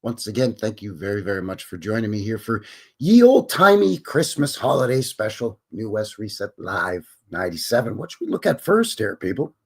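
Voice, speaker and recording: This Canadian streamer has a lowish, slightly rough voice with a sing-song lilt and moderate pace; he keeps his live stream casual, rambling, joking with chat, and laughing to himself.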